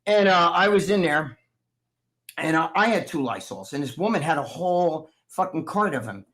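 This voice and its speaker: A man's voice: on the high side, lively intonation, moderate pace, fairly bright tone. A man with a New Jersey accent, co-hosting a live stream and telling rambling, profane stories in casual chat. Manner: profane, rambling storyteller who acts out other people's voices. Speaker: co-host of a live stream talk show.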